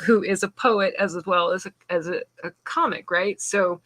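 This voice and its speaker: A woman from the Southern United States, a comic artist and stand-up comedian, hosts a stream, chatting casually, telling her stand-up jokes, and laughing often. Her mid-range voice is a bit bright, with fairly even intonation and a moderate pace. The recording is dry.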